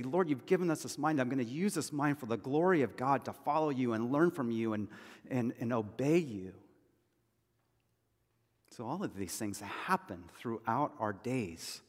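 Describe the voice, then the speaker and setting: Conversational pastor in a reverberant hall. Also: male voice, medium pitch. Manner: conversational, storytelling with asides and repeated phrases. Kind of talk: sermon.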